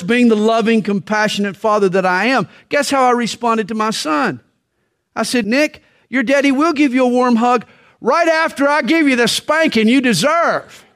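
A middle-aged man preaching a sermon on parenting, telling stories with dramatic pauses and slow, weighty emphasis. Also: high voice. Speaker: pastor.

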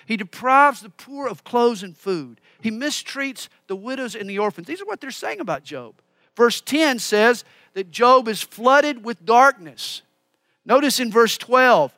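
A man's voice: very high-pitched, bright, forceful tone, no echo, clean studio sound. A man preaching a sermon, teaching through a Bible passage verse by verse with explanatory asides.

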